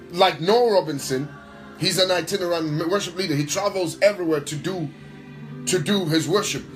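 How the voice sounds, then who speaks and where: A man who serves as a pastor and worship leader speaks in an interview with a somewhat high voice. His delivery is emphatic and preacher-like, repeating phrases to drive his points home. Soft music plays faintly behind him. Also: low-quality recording. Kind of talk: interview answer, preacher-like talk.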